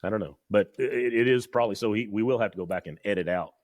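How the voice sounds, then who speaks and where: A man's voice: fairly low pitch, fast, no room sound. A man with a Southern US accent co-hosting a casual podcast, telling rambling stories, repeating words and acting out quotes. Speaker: podcast co-host.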